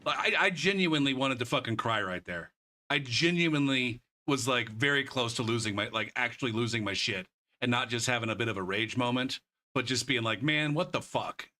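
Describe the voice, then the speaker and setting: A man's voice: mid-range voice, fairly quick. A young man streaming a kart racing game, ranting and swearing about a lost race. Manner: shouts in disbelief at the replay. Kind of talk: casual gaming stream commentary.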